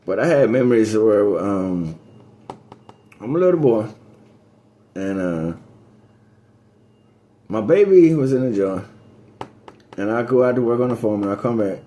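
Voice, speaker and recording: A man in a rambling, casual monologue, telling a loose, profane story that drifts between topics and climbs higher when he gets going. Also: unhurried, pauses often, lo-fi sound. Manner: rising pitch on excited story beats.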